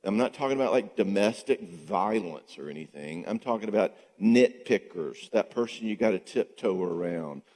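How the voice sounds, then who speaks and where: A man's voice: fairly low pitch, moderate pace, hardly any pauses. A man speaking as a counselor at a church marriage conference. His talk is casual and conversational, and he keeps checking in with the audience with "okay?" and "all right?". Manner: acts out quoted people in lively voices. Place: church sanctuary before an audience. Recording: long reverb of a large church hall.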